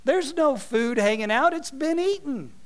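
A man preaching a sermon, telling a parable with folksy, animated asides. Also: extremely high pitch, measured pace.

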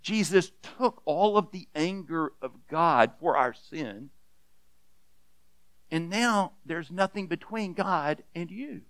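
Man preaching a sermon, high voice, earnest, stammering restarts, loud then hushed, dry close sound. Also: expressive, slow, no echo. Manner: earnest, repeats words when restarting, swings between loud emphasis and hushed softness. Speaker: pastor.

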